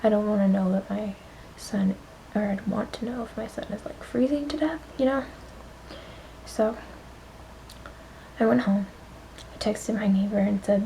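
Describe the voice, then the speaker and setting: Young woman vlogger, near tears, shaky and whispery, gravelly low-key voice, flat delivery. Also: unhurried, pauses often, slight background noise, low-quality recording. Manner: shaky, emotional, often dropping to a whisper. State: on the verge of tears. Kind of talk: casual storytime vlog.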